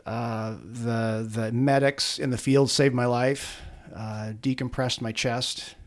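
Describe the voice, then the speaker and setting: In a conversational interview, a middle-aged police officer tells the interviewer about a hard personal experience. He speaks earnestly but haltingly, with frequent fillers and repeated starts, in an ordinary middle-pitched voice with a steady tone.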